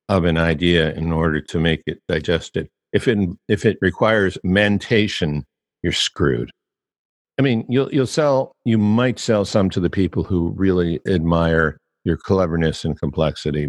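A man's voice: sits low, long reverb tail. An older man hosting a casual podcast about copywriting, musing and teasing with emphatic turns. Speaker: podcast host.

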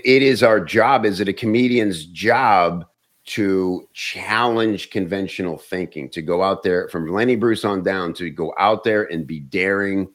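A comedian and actor telling stories in casual chat, animated and often restarting words. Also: male voice, sits low.

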